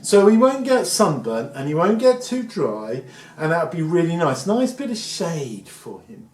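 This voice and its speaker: A man voicing a gentle, patient God who reasons kindly, recorded in an echoey room. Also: fairly high pitch, very animated, a little slow, a little hiss or hum.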